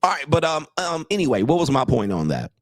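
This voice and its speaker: A man's voice: on the high side, sing-song, fast talker, dry recording. A man who works as a dating coach, giving blunt, mocking casual commentary on clips and talking straight to his viewers.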